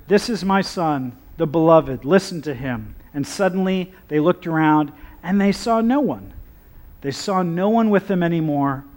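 A man preaching a conversational sermon with humorous asides. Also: high voice.

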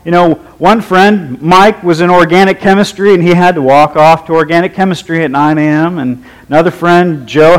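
A man's voice: high-pitched, rough recording. A man preaching a sermon, leading a prayer and telling personal stories in a wry, humorous, conversational way.

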